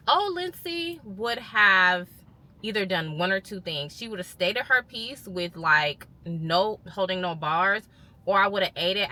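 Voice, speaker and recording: A woman vlogger telling a personal story in a casual, animated way and quoting what others said. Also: lowish voice. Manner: animated retelling, quotes others' words. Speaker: lifestyle vlogger.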